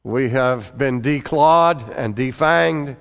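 A man preaching a sermon, reading scripture aloud and expounding on it in a measured, emphatic pulpit delivery. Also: medium pitch, creaky, clear, resonant tone, big-room sound.

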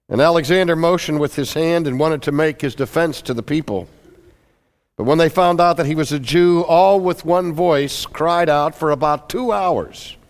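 A man preaching a sermon, reading scripture aloud and expounding on it in a measured, emphatic pulpit delivery. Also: mid-range voice, long reverb tail.

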